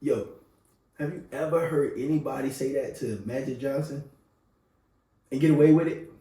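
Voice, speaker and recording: A man co-hosting a casual sports podcast, animated and laughing, slipping into quick impressions. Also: mid-range voice, distant mic. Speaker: podcast co-host. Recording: roomy sound from off the mic.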